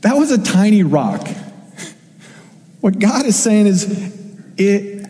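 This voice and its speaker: A man's voice: sits high, sing-song, slow, pauses often, dark tone. A young man preaching a sermon in a loose, conversational way, with casual asides and asked questions. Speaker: pastor. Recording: long hall reverb.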